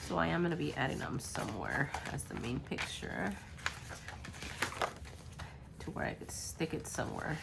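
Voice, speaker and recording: A woman's voice: low-pitched, sing-song, moderate pace, gravelly, pauses often, heavy background noise. A woman chatting casually while crafting a journal, rambling with lots of ums, her voice worn and congested from being sick. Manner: rambling, full of ums, muttering while working.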